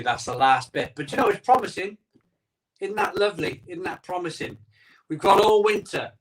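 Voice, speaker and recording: A rambling, chatty man with a voice that sits a little high for a man. He hosts a casual live stream from his home conservatory and talks into a phone mic. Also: fairly bright tone, distant mic, low-quality recording. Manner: rambling, chatty, reads out viewer comments. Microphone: iPhone microphone.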